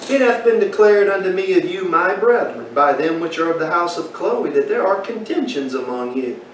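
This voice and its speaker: Male Bible teacher, high voice, questions the class, recorded far off in an echoey room. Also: expressive, normal speed, a little hiss or hum. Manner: asks the class questions, folksy storytelling.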